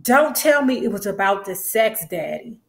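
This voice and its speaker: A woman voicing a glamorous, scheming house mother who speaks low and seductively. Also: animated, moderate pace, creaky, a bit bright. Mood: sultry.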